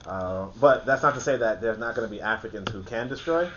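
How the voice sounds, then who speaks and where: Casual male host, bright and forceful tone, rambling with fillers, muffled recording. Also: brisk. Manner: rambling, laughs often, many fillers and restarts. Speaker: host of a book discussion. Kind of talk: casual discussion. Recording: muffled, faint background rumble.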